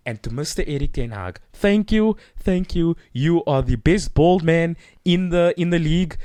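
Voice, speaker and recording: A man co-hosting a casual football podcast, excitable and teasing, often repeating himself. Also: on the high side, moderate pace, clean tone, dry recording. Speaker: podcast co-host.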